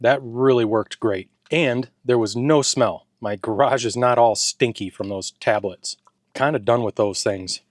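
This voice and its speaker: In his home garage, a food reviewer enthusiastically taste-tests a ration pack for a casual vlog, sometimes talking with his mouth full. His medium-pitched voice moves at a measured pace, and the recording is dry with clean studio sound.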